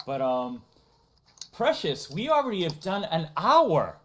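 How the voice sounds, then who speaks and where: A low-pitched woman with a New England accent hosts a live stream. Her voice rises and falls a lot as she chats playfully and breaks off to read donations. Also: sing-song, a little slow, fairly bright tone. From Massachusetts. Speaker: streamer host. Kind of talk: casual live-stream chat.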